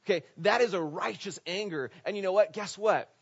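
Higher-voiced man preaching, lo-fi. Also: brisk, gravelly, slightly rough. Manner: animated, asks the congregation rhetorical questions. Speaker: pastor. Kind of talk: conversational sermon. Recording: dull lo-fi recording.

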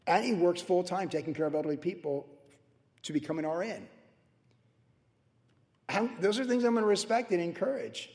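A pastor in his sixties giving a sermon in a conversational, storytelling way with animated asides. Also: sits high, moderate pace, pauses often, in a large hall. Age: 60s.

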